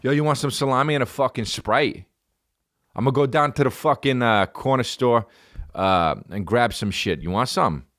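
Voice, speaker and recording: A man's voice: medium pitch, normal speed, fairly bright tone, dry recording, studio quality, pitched above the performer's own voice, close to an everyday voice. A man putting on a New Jersey accent as a crude, swaggering lover. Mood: boastful. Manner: crude, coaxing bedroom talk.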